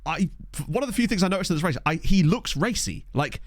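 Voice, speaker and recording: Lively man streaming a game. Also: sits high, fast, no echo, clean studio sound. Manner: animated, laughs often, chatty asides. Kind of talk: casual game-stream commentary. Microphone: desk condenser mic.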